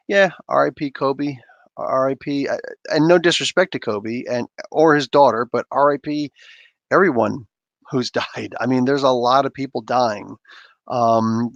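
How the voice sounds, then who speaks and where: A man hosting a casual livestream, reading chat aloud and chatting in an animated way with frequent laughter. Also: medium pitch, no room sound. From Canada. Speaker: livestream host.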